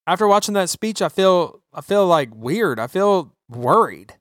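A man hosting a podcast, ranting about politics with heavy swearing in an animated, emphatic way. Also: sits high, unhurried, no echo, clean studio sound. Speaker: podcast host. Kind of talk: profane political rant. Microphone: podcast microphone.

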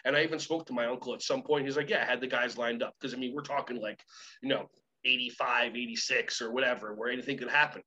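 Bright, excitable male storyteller. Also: quick pace, muffled recording, a little hiss or hum. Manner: excitable, with big swings in pitch. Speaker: guest, keynote speaker. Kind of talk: animated storytelling.

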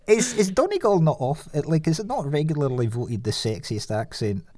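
Scottish man, podcast host, husky voice, dry close sound. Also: on the high side, moderate pace, dry recording. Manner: swears freely, animated, laughs often. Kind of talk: casual chat.

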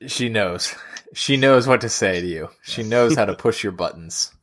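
A man co-hosting a movie podcast in casual chat, jokey and quick to laugh. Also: lowish voice, a bit bright. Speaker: podcast co-host.

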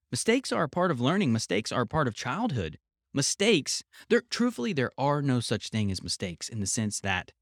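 Man, podcast host reading aloud with commentary, earnest, mid-pitched voice, close dry recording. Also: dry recording. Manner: earnest, explanatory, restates key points.

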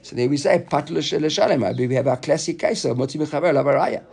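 A man's voice: fairly high pitch, fast talker, gravelly, darkish tone, breathy edge. A man giving an informal Talmud lesson, explaining the text in a loose, chatty way and often repeating words as he thinks aloud. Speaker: Talmud teacher.

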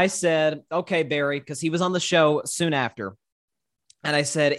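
A man's voice: fairly high pitch, a bit bright. A man with a Southern US accent, a wry, self-deprecating guest on a casual sports podcast. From American South.

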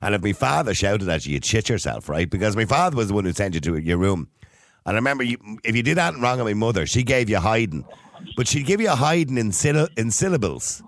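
A man's voice: fairly low pitch, very animated, fast, dry recording, studio quality. A middle-aged man hosting a casual radio chat, telling stories and laughing often. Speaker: radio host.

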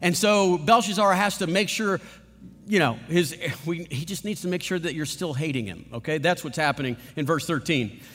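A man's voice: on the high side, moderate pace, fairly bright tone. A man preaching a sermon in a large auditorium, emphatic and full of rhetorical questions. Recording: long hall reverb.

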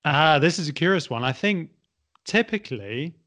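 A man's voice: fairly high pitch, expressive, moderate pace, a bit bright. A British man in a casual educational chat, agreeing readily and answering with dry humour. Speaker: podcast co-host.

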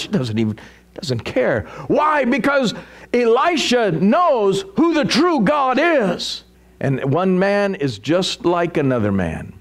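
A man preaching a sermon, telling a story and acting out its characters, with dramatic swings in loudness. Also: sits high. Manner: acts out the story's people in raised voices.

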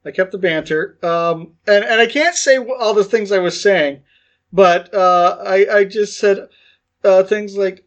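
A man's voice: high voice, measured pace, muffled recording. A man co-hosting a podcast in casual banter, telling stories animatedly and laughing often. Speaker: podcast co-host.

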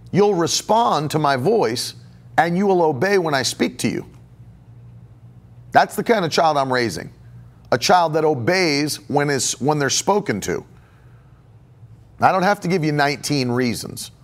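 A man's voice: on the high side, lively intonation, normal speed, pauses often. A middle-aged male pastor preaching on a podcast in a slightly raised voice. He hammers home each point by repeating it, and he stops to take questions from listeners. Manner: emphatic, repeats phrases for stress; takes viewer questions live. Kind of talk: podcast sermon.

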